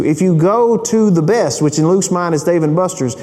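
A man's voice: high voice, normal speed, warm tone. A man preaching a sermon, telling a family story and asking rhetorical questions. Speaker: pastor. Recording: long hall reverb.

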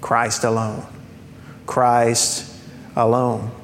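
A man's voice: completely flat delivery, extremely slow. A man preaching a sermon to a congregation, talking in a conversational way with rhetorical questions and light humorous asides. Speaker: pastor. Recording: reverberant hall with faint rumble.

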